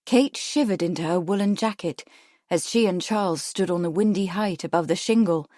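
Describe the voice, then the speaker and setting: A woman's voice: lowish voice, normal speed, no echo, studio quality. A woman reading a period mystery novel as an audiobook narrator. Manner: steady storytelling reading. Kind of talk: scripted narration.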